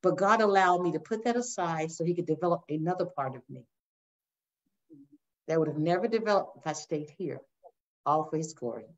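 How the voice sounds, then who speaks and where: An older woman minister sharing her testimony in a faith interview, telling it with lively storytelling and acting out the voices. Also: sits low, fairly quick, pauses often. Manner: animated storytelling, acts out voices, addresses listeners as y'all. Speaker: guest minister. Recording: dull lo-fi sound.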